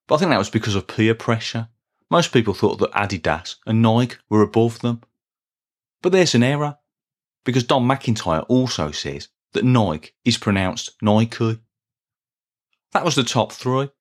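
A middle-aged man talks in an earnest, deadpan way. His pitch sits in an ordinary middle range. He plods through a scripted comic monologue at a steady pace. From Birmingham, England. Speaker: podcast host.

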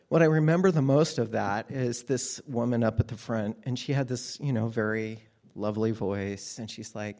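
A man's voice: on the low side, darkish tone. Candid man telling his story on stage. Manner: candid, plainspoken, wry. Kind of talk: personal story told on stage. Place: stage under bright lights.

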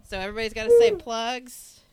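A woman hosting a podcast in casual group chat, steering the talk with brisk, teasing remarks. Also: a little high, very animated. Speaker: podcast host.

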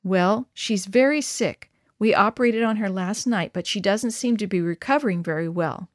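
A hospital doctor gives bad news slowly and soberly in a storybook reading, as a woman puts him on. His voice stays near the reader's middle pitch. The sound is dry, with no echo. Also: lightly acted. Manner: slow, sober, frank.

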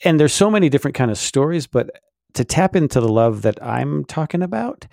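A man's voice: on the high side, sing-song, a little fast, vocal fry, darkish tone, no echo, studio quality. A middle-aged man co-hosting a casual faith podcast, explaining at length with many fillers. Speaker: podcast co-host.

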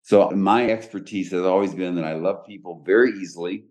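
A man's voice: deep voice, fairly even intonation, a little fast, darkish tone. A man hosting a podcast, explaining his coaching approach in a direct, explanatory way with frequent restarts. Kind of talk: casual podcast talk.

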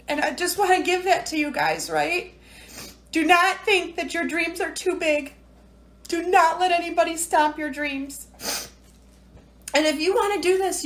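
Tearful high-voiced woman, chatty. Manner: chatty, rambling, emotional, frequent "right?" and "you know". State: tearful, near crying. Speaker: direct-sales team leader. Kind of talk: casual livestream talk to viewers. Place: at home.

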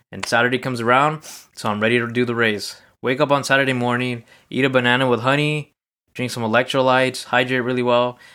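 A man with a smooth, clear voice at an ordinary middle pitch talks through a personal story on his own. He rambles casually and loosely and leans on everyday fillers. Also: sharp tone. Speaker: podcast host. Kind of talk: casual solo recap monologue.

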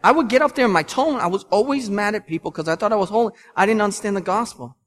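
A pastor in his thirties preaching in a church, his voice sitting a touch high for a man. He talks with earnest emphasis, moving between gentle, quiet appeals and loud, driving bursts. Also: fast talker. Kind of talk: sermon. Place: church sanctuary.

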